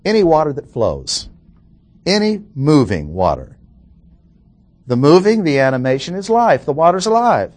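A man teaching a verse-by-verse Bible lesson, explaining slowly and deliberately and repeating key phrases. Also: on the high side.

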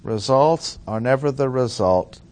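A man preaching verse by verse in a mid-range voice. He is deliberate and emphatic and slows right down on the phrases he wants to land. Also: medium pitch, a little mellow. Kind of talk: expository sermon.

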